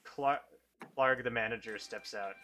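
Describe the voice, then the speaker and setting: Bright-voiced male dungeon master. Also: mid-range voice, soft background music. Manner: quick, loose, calls for rolls. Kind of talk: improvised tabletop game narration.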